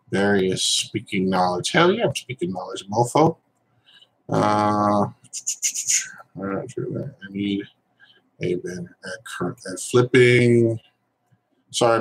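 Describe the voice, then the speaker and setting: A man's voice: on the low side, fairly bright tone, breathy edge, rough recording. A man chatting casually on a live stream, reading viewer questions and rambling, with lots of fillers and restarts. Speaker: reseller vlogger.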